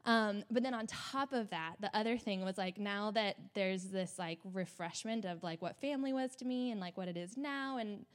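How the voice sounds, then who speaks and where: A woman's voice: mid-range voice, moderate pace, hardly any pauses. A young woman hosting, openly and emotionally sharing a personal faith story in a casual way, with many fillers. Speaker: host.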